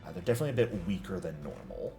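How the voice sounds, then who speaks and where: Animated low-voiced male game master. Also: very fast, faint music behind. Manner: animated, laughs often, explains rules. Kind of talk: running a tabletop game session.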